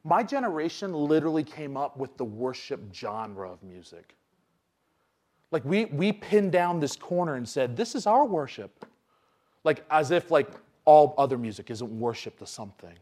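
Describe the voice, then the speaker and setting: A young man delivers a sermon in a notably high voice. He drops to low, casual asides, then climbs into loud, emphatic readings from scripture. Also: very animated, normal speed. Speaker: preacher.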